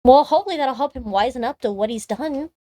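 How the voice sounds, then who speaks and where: A woman streamer reads a story game aloud in a high voice and breaks off to chat, filling her talk with casual fillers. Faint music plays softly in the background. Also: fast talker. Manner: chatty, many "like" fillers when commenting. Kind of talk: reading a visual novel aloud and commenting.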